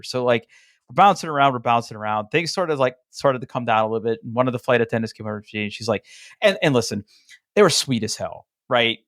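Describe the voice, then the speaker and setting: A man co-hosting a relaxed podcast, telling an animated story in a medium-pitched voice. He fills his sentences with casual fillers and acts out the dialogue of the people in his story. The recording is dry and close, with no room sound. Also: brisk, no echo. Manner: frequent "like" fillers and restarts. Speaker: podcast co-host. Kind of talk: casual chat.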